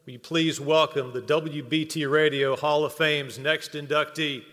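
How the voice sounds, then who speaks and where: A man's voice: a little high, steady tone, unhurried, fairly bright tone. A man giving a humorous tribute speech at a hall of fame induction, telling anecdotes before an earnest close. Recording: long reverb of a banquet hall.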